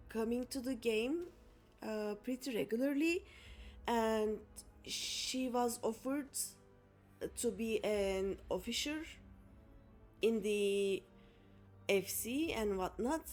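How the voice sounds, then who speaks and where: A young woman chats casually with her viewers while she plays, wandering from point to point with lots of fillers and restarts. Her voice sits a little high, and faint music runs quietly behind her. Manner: chatty, rambling, many fillers and restarts. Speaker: streamer. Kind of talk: casual chat while playing a game.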